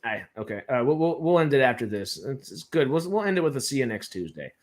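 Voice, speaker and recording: Man, casual chat host, animated, swears freely, stumbles and restarts, mid pitch. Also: fast.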